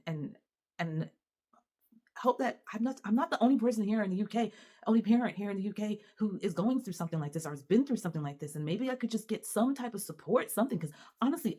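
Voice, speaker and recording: A mother talking straight to camera in a casual vlog, animated and exasperated, with lots of restarts and fillers. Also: medium pitch, fast. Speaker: mother and vlogger. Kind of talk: casual venting monologue to camera.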